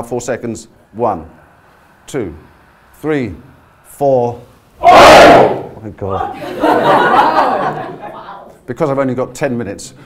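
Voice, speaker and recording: A man leading a voice workshop, coaching a live audience through breathing exercises in an energetic, encouraging way. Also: mid-range voice, slight background noise. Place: conference room with a live audience. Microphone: no handheld mic, projecting to the room.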